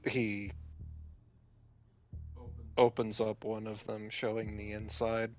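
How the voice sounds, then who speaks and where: Guy running a tabletop game, low voice, takes his time, soft music under it. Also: completely flat delivery, takes it slowly. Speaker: storyteller.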